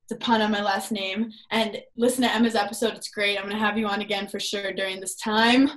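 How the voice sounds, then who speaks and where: A woman in her late twenties, a guest comedian chatting casually on a podcast, telling animated stories that act out her parents' lines and swearing freely. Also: mid-range voice, fast talker, low-quality recording. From Brooklyn, New York. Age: 20s. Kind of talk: casual chat.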